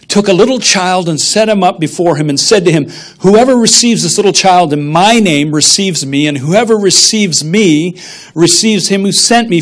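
A man preaching a sermon in a conversational style, often checking in with "okay?" and "right?". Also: sits high. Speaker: pastor. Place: church sanctuary.

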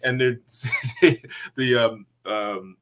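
A middle-aged man, an actor, telling stories in a casual interview, acting out quoted voices and laughing often. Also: extremely slow. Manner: animated, acts out quoted voices with big pitch jumps; laughs often while talking. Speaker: actor guest.

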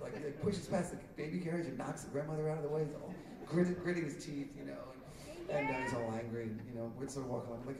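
A man's voice: medium pitch, quick pace. A middle-aged man telling a rambling story to a concert audience, laughing often, with many fillers and restarts. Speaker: musician telling stories on stage. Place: concert hall stage. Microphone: audience taper's recording from the crowd. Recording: roomy distant audience tape. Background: loud crowd.

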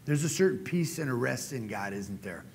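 A middle-aged man preaching a sermon as a guest speaker, telling folksy stories and getting animated when he quotes people. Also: mid-range voice, moderate pace, gravelly, slight background noise. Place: church sanctuary. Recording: church hall reverb.

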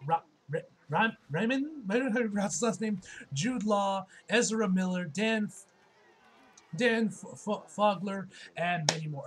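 A young man talks through a film review in a loose, chatty way, full of fillers, restarts and casual swearing. His voice sits high for a man. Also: a little hiss or hum, poor audio. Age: young adult. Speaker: movie reviewer.

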